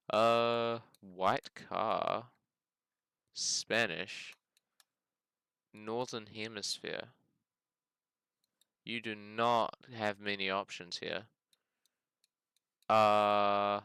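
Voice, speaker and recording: Bright-voiced New Zealand man musing aloud. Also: on the low side, clean tone, no echo, clean studio sound. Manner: thinks aloud, hedging and musing, says "bloody" often. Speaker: gaming video host. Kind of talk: casual game commentary.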